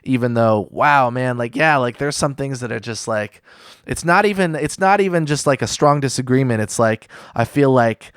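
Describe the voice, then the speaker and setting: A man hosting a podcast who talks in a measured, reflective way, often pausing with fillers as he works through his thoughts. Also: medium pitch, clear, resonant tone, no room sound, clean studio sound. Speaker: podcast host. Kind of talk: casual podcast conversation.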